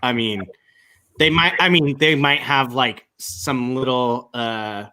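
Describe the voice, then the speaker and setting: Man, co-host, bright tense voice, animated, casual chat. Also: medium pitch, slow pace. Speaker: podcast co-host.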